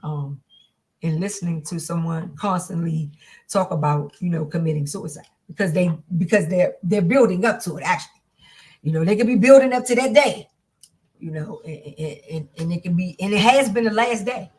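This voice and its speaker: A woman's voice: on the low side, moderate pace, a little mellow. A woman teaching a class on domestic violence, speaking in an earnest, repetitive, conversational way with many fillers.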